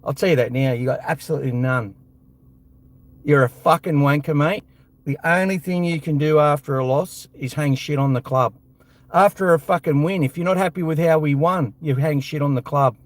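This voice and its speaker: A man's voice: on the high side, no room sound. An Australian man hosting a live fan show, ranting bluntly and heatedly with lots of swearing.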